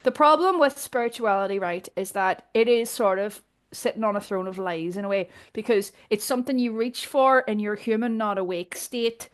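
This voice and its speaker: A Northern Irish woman, a guest in a casual conversation, talking in a direct, animated way and often laughing. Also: medium pitch, moderate pace. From Northern Ireland.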